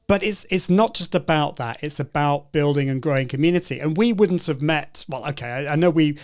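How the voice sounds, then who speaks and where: A man's voice: a little high, a little fast. A man hosting a live show, chatting in a friendly way and reading out viewer comments. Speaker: host. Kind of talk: casual live-stream chat.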